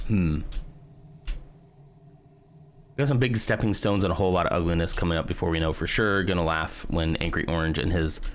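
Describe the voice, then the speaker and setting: Deep-voiced, musing American man. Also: normal speed, pauses often. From United States. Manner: musing and hesitant, thinking out loud with many fillers. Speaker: streamer. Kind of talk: casual live-stream chat while gaming.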